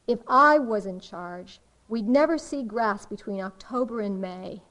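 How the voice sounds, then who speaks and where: A woman voicing a frustrated young cartoon boy who yells, pleads and bargains for snow. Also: mid-range voice, measured pace, poor audio. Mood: demanding, pleading.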